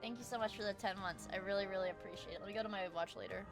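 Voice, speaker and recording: A young adult woman streamer chatting casually while reacting to videos, playful and loud, swearing and often shouting. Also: medium pitch, racing, music in the background.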